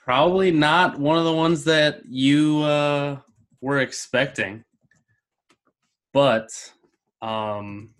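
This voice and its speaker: A man's voice: on the high side, slow pace, pauses often. A man co-hosting a casual sports talk show, laid-back and chatty. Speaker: co-host.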